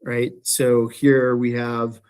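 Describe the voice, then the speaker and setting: A man lecturing a beginning Greek class in a classroom. He explains step by step, restates his points and keeps checking that his students follow. His voice sits in an ordinary middle pitch. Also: completely flat delivery, slow, darkish tone, smooth. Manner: explanatory, repeats phrases, checks in with "right?". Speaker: Greek instructor.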